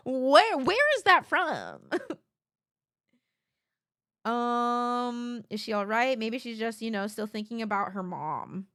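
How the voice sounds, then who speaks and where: A woman's voice: a little high, lively intonation, slow pace, long pauses, pushed and bright, no echo, studio quality. A young woman streaming a video game, giggling and chatting casually as she reacts to it. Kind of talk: casual gameplay commentary.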